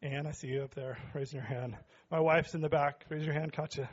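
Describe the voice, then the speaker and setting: A middle-aged man preaching a sermon as pastor in a church, joking with the congregation and building to shouts. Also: a little high, fairly even intonation, fairly quick, slightly rough, muffled recording. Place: church sanctuary.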